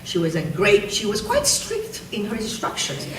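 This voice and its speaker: A woman's voice: on the high side, wildly swooping pitch, a loud crowd. Woman giving a school award speech in an echoey hall. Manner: warm, storytelling, halting restarts. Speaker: teacher presenting awards. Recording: echoey room, distant from mic, faint noise.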